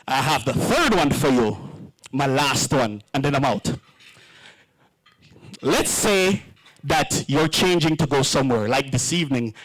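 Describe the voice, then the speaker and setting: A man's voice: a little high, a bit bright, poor audio. A man emceeing a wedding reception, joking and playing with the crowd.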